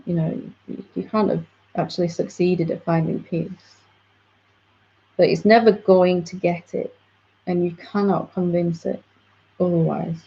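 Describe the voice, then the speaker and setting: Gravelly low-voiced woman teacher. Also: fairly even intonation, unhurried. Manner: gentle, reflective, explaining patiently. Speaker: spiritual teacher. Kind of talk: satsang dialogue. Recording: dull lo-fi audio.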